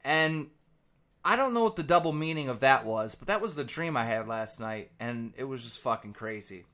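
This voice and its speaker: A man commentator telling a rambling, profane comic story with animated energy. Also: mid-range voice, moderate pace.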